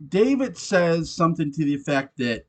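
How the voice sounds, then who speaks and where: A man talking through an old TV episode in a loose, casual review, swearing freely and laughing between his points. His pitch sits a little high for a man and swings widely as he gets worked up. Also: sing-song, normal speed. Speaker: show reviewer.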